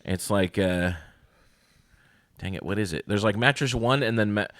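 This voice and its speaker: Low-voiced man hosting a casual podcast. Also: normal speed, dry recording, clean studio sound. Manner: rambling, animated storytelling with voices. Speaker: podcast host. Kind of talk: casual chat.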